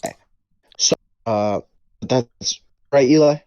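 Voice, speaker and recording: A man's voice: mid-range voice, slow, highs cut off. A man co-hosting a casual podcast, recapping a film with lots of fillers and acted-out quotes. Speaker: podcast co-host leading the movie breakdown.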